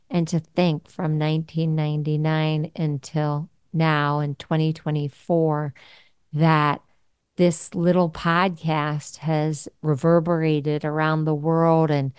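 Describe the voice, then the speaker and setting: A woman's voice: sits low, a little mellow, smooth, no room sound, studio quality. A woman hosting a podcast, speaking in a heartfelt, emotional way and often repeating herself. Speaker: podcast host. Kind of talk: heartfelt podcast chat and sign-off.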